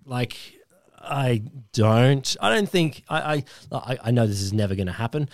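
A man's voice: medium pitch, lively intonation, moderate pace, no room sound, studio quality. A man co-hosting a casual chat podcast, growing heated and tripping over his words as he argues. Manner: heated, stumbling restarts when worked up. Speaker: podcast co-host.

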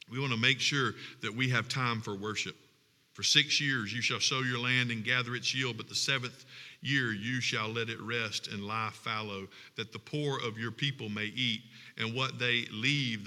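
A pastor delivers a sermon, reading scripture and building toward emphatic, humorous appeals, with rising passages and funny asides along the way. His mid-range voice sounds pushed and bright, trailed by a long reverb.

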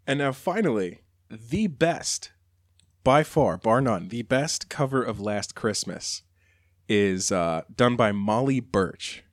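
A man's voice: medium pitch, lively intonation, slow pace, no echo, studio quality. A man co-hosting a podcast, chatting casually and enthusiastically about songs. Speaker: podcast co-host. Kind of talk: casual chat.

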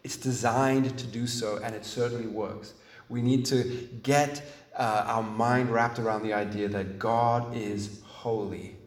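A man preaching a sermon in an earnest, emphatic way, restarting phrases and pausing as he thinks. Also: mid-range voice, fairly even intonation. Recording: echoey room, mic at a distance.

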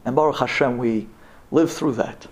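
A man with a mid-range, darkish voice speaks at a normal speed, telling an impassioned personal story to a live audience. The emotional talk is full of stammering restarts and religious Hebrew and Yiddish terms.

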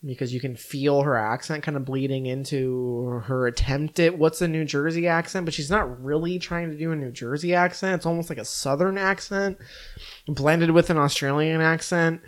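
A man's voice: fairly high pitch, normal speed. A man co-hosting a film podcast in casual chat, rambling, with lots of "like" fillers. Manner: relaxed, rambling, many "like" fillers. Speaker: podcast co-host reviewing films.

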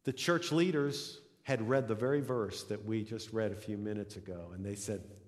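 A man's voice: on the low side, normal speed, hardly any pauses. A middle-aged man, a pastor, preaching a sermon, telling a story and building to emphatic peaks. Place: church sanctuary. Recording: long hall reverb.

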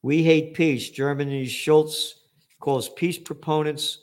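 A man hosting a show, ranting with angry, profane commentary and shouting outbursts. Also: on the high side, fairly even intonation, takes it slowly. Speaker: show host.

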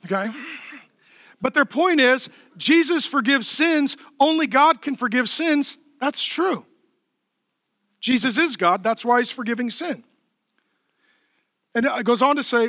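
Bright-voiced emphatic male pastor. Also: very high-pitched, normal speed, dry recording, clean studio sound. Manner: emphatic, conversational preaching with repeated rhetorical questions. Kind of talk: sermon.

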